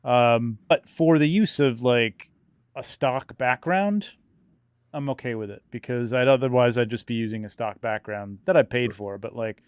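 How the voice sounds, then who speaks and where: A man co-hosting a hobby podcast, chatting in an animated way and laughing often. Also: medium pitch, normal speed, smooth, no room sound. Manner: animated, laughs a lot, "you know what I mean". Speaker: toy photographer, podcast co-host. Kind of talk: casual chat.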